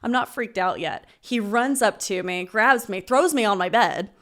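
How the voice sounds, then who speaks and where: Animated young woman telling a story. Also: mid-range voice, moderate pace. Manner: animated, swears freely, laughs through her story. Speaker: podcast guest. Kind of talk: casual storytelling.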